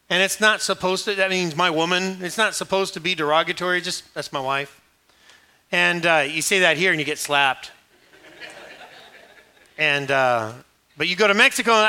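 A man's voice: high-pitched, normal speed. A man giving a sermon, joking and acting out voices as he tells the story. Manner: animated, joking storyteller who acts out quoted voices. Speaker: pastor.

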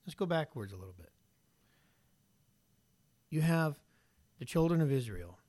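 A man preaching a casual sermon, telling Bible stories in an animated way with casual slang. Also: a little high, a little slow, no room sound.

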